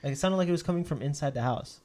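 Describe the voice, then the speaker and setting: A man's voice: racing, a loud crowd. A young man casually telling a story, swearing a lot and acting out the quotes of others with sudden jumps in his voice. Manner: animated, profane, acts out quotes with sudden pitch jumps.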